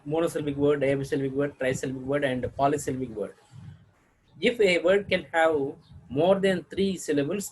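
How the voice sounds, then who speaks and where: A man with an Indian English accent giving a video lesson on pronunciation, halting often to clear his throat. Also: on the high side, rough recording. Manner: halting, frequent throat clearing and filler sounds. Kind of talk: lecture-style video lesson.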